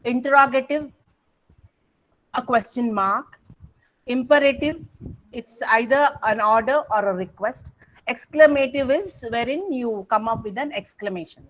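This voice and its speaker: Her pitch fairly high and her tone fairly bright, a woman with an Indian English accent speaks a little slowly while teaching English grammar in an online coaching class. She coaxes students to respond and frequently uses fillers and self-corrections. The video-call audio is poor.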